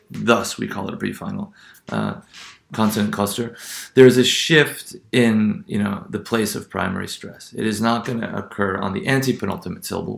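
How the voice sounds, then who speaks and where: A man gives a classroom lecture in a low, gravelly voice, stopping and restarting often and spelling out letters as he goes. The room around him is echoey. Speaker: university teacher.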